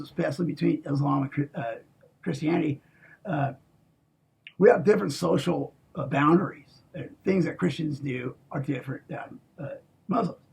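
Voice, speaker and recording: Very raspy man, gravelly and profane. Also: on the high side. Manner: profane, emphatic, swings from hushed to shouting. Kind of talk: rambling monologue.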